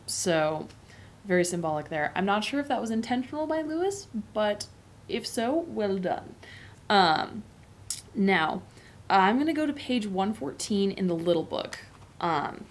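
A woman's voice: fairly low pitch, slight background noise. A woman in a casual, explanatory tone, teaching a lesson on a novel. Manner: explanatory and conversational. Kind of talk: book lesson.

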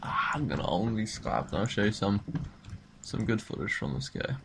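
Gravelly young man hyped on his gameplay. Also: on the low side, moderate pace, noisy background. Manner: excitable, shouts when he scores kills, mutters tactics. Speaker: gamer commentating his own match. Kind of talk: excited live gameplay commentary.

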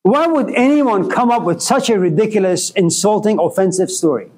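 A man's voice: high-pitched, normal speed, darkish tone, pitched above the performer's own voice. A man voicing a judgmental male critic with a disdainful, indignant manner. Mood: scornful.

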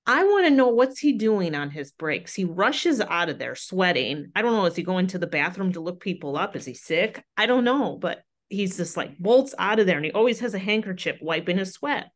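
A woman's voice: on the low side, very animated, moderate pace, hardly any pauses. A woman guest, a grief counselor, earnestly recounting her experiences in a casual conversation. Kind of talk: casual chat.

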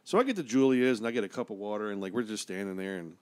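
A man's voice: fairly low pitch, rapid-fire. A man with a West Virginian accent telling a comedy story in casual chat, cursing freely and acting out the voices of people in it. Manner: animated, profane, acts out voices in his stories. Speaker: stand-up comedian guest.

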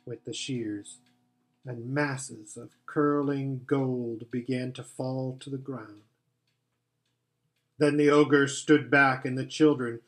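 A man reading a children's novel aloud as story narration, in a slow, deliberate manner. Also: mid-range voice. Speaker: audiobook reader.

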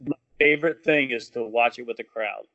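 A man chats on a podcast as an animated, laugh-prone storyteller, his pitch sitting mid-range. The recording is dull and lo-fi, with a dry, close sound and no room around it. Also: a little fast, no room sound. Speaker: podcast guest, filmmaker. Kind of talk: casual chat.

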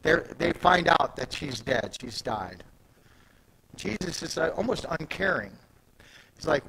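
Male preacher, raspy fry, slight background hiss; retells scripture casually, then punches key words loudly. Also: a little high, measured pace, long pauses, low-quality recording. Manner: animated, swings from soft asides to loud emphatic peaks; conversational, retells scripture in everyday speech. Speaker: pastor. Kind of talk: sermon.

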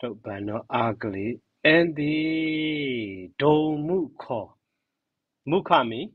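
Man, grammar teacher, slow repetition of terms, dry close sound. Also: a little high, big pitch swings, gravelly, husky, no room sound, phone-quality sound. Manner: slow, repeats terms and glosses them. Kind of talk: classroom grammar lesson.

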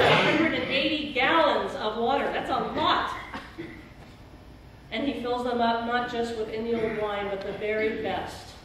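A woman pastor delivers an earnest sermon, her somewhat high voice pressing hard on the key words. She sounds distant from the mic, and heavy echo from the church hall fills the recording under a faint hiss. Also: unhurried. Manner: earnest, emphatic preaching with rising emphasis. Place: church sanctuary. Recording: very echoey church hall, speaker far from mic.

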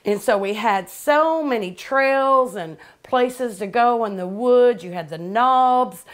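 A woman's voice: a little high, slow. A middle-aged woman, hosting a cooking show and chatting casually, repeating herself as she tells family stories. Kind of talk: casual storytelling to camera.

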